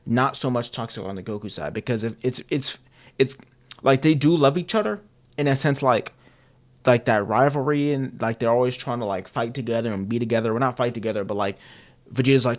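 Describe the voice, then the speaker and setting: A man's voice: mid-range voice, a little fast. Rambling, profane male streamer. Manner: profane, rambling, with slang and repeated restarts. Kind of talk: casual chat.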